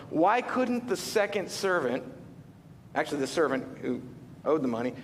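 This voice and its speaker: Male pastor, high voice, animated sermon storytelling with rhetorical questions, reverberant church hall. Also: moderate pace. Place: church sanctuary. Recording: reverberant hall with faint rumble.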